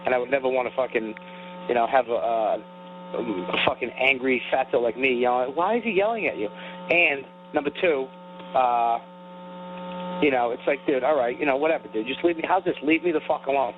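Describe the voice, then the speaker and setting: A man's voice: medium pitch, fairly even intonation, brisk, a little hiss or hum. A man co-hosting a comedy podcast, ranting in a heated, profane way about being insulted and calling himself sensitive. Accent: New York. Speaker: podcast co-host. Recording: tinny phone-like audio.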